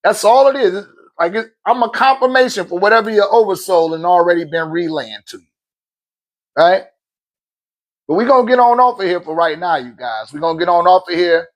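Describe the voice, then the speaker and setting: A man with a fairly high voice talks straight into his phone on a livestream. He preaches in loose, slangy bursts and laughs often as he makes his points. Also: animated, fairly quick. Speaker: livestream host. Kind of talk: casual livestream talk.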